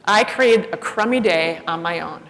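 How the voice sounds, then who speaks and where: A woman giving a personal storytelling talk as a keynote speaker, animated and self-deprecating, acting out the voices she quotes. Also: lowish voice, moderate pace, slight background noise. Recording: long hall reverb.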